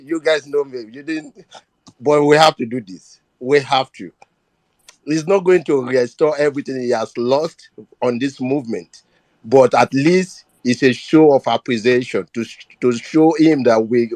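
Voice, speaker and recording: On a live audio chat, a man with a Nigerian accent makes an impassioned appeal, earnest and emotional, often repeating himself. His voice is mid-range with a darkish tone, and there's no room sound.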